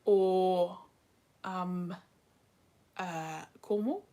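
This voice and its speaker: A woman's voice: on the low side, steady tone, drawn-out words, dark tone. A young British woman hosting a casual livestream, reading chat and talking with self-deprecating asides. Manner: chatty, self-deprecating, drifts into whispers.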